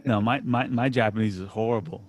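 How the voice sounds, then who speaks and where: Laid-back low-voiced man hosting a podcast. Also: a little fast. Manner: relaxed, self-deprecating, laughs often, many restarts. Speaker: podcast host. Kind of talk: casual chat.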